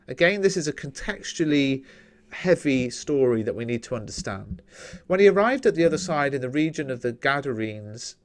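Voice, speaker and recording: Male teacher, English accent, chatty explanatory Bible study, mid pitch. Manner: conversational, explanatory, tags points with "okay?".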